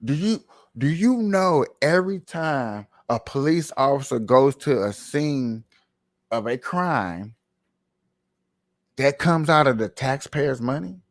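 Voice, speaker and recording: A man giving casual, animated commentary on a livestream, firing off repetitive rhetorical questions in heavy slang. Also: mid-range voice, slow pace.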